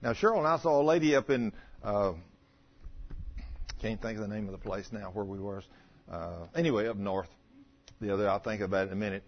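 An older man preaching a folksy, animated sermon about healing, acting out the voices in his stories. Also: on the low side, a little fast, pauses often. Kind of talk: sermon storytelling. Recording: dull lo-fi recording.

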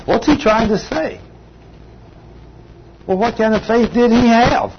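A man preaching a sermon in a conversational, animated way, rising high for emphasis. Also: takes it slowly, long pauses. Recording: muffled lo-fi recording with background noise.

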